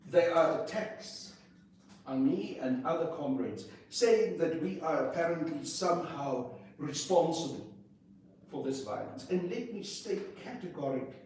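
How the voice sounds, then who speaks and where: A man, speaking as an interview guest in a forceful, indignant way, piling up rhetorical questions. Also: on the high side. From South Africa. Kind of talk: impassioned political interview. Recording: echoey room, distant mic, faint noise.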